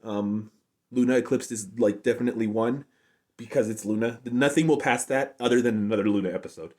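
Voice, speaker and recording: A man's voice: medium pitch, a little fast, a little mellow. A man giving an unscripted, casual review, rambling along and saying "like" constantly. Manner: rambling, heavy use of "like" fillers. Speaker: show reviewer.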